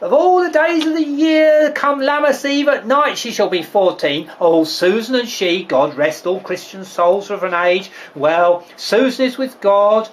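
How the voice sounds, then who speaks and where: A man's voice: a little slow, few pauses, a little hiss or hum. A man putting on a rambling old nurse. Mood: giddy rambling. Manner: rambling, cackling laughter, high squeaky voice. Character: garrulous old nurse woman, rambling and giggly.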